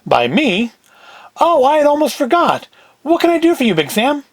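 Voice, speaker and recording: A man's voice: very high-pitched, wildly swooping pitch, normal speed, no echo, pitched above the performer's own voice, full character voice. A man doing a nervous little gambling fixer. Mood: pleading. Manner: pleading, jittery, wordy. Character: small nervous male New York gambling fixer. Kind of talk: cold-read script acting.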